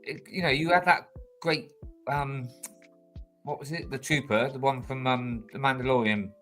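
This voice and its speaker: A man's voice: mid-range voice, steady tone, normal speed, fairly bright tone, faint music behind. A man co-hosting a casual chat, rambling and hesitant, with many fillers. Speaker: co-host.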